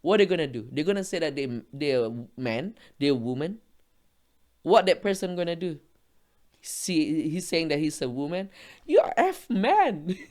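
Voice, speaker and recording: A woman's voice: sits low, moderate pace, a little mellow. Non-native English-speaking woman, emphatic ranting storyteller, laughs often. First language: not English. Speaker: guest. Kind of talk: animated storytelling.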